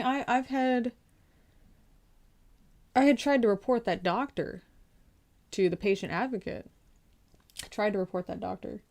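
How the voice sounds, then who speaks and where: A woman's voice: medium pitch, darkish tone. Young woman vet ranting casually, lots of sarcastic questions, regular mid voice. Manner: exasperated, sarcastic, rhetorical questions. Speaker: veteran telling her story. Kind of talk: casual storytelling rant.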